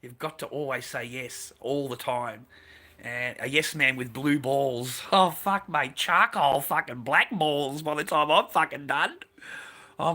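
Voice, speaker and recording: Bright-voiced man, crude and profane. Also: on the high side. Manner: profane, blunt and laughing. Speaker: streamer. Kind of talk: crude casual livestream chat.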